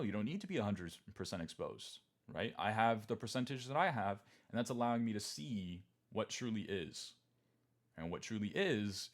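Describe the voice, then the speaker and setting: A young man with a lowish voice talking markets on a casual livestream. He is candid and emphatic, calmly reassuring his viewers. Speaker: trading streamer.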